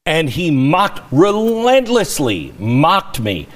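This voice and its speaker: A man's voice: a little high, huge pitch swings, slow. A man hosting an opinionated talk show, speaking in an impassioned, emotional way and repeating words when stirred. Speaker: show host.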